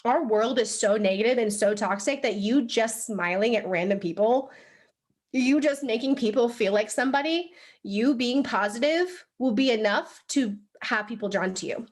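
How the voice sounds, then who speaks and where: A young woman with a slightly high voice gives a lively motivational training talk to a group in a room. She is chatty and animated, peppering her speech with "like" and asking "right?" to keep the room with her. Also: moderate pace. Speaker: sales team trainer. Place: room with a live audience.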